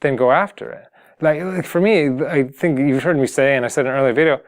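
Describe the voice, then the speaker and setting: A man's voice: medium pitch, fast talker. A man giving motivational advice on singing, talking casually and earnestly to the camera, full of fillers and restarts. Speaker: singing coach.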